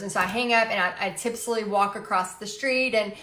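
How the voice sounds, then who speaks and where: A woman's voice: fairly high pitch, a little fast. Chatty woman telling her story in an echoey room. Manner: chatty, animated, frequent fillers. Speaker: livestream host. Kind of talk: casual livestream storytelling.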